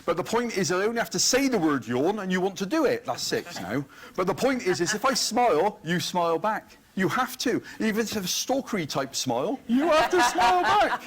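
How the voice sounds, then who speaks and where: A man, giving an animated, joking motivational talk at a conference. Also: fairly high pitch, a little hiss or hum. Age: 50s. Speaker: conference speaker. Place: conference hall.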